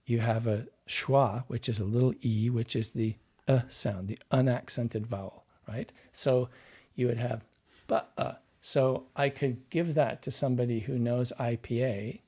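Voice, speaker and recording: A man's voice: mid-range voice, steady tone, measured pace, dark tone, slightly rough. A man, a dialect coach and podcast guest, explaining at length like a teacher and acting out the sounds he describes. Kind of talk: explanatory interview talk.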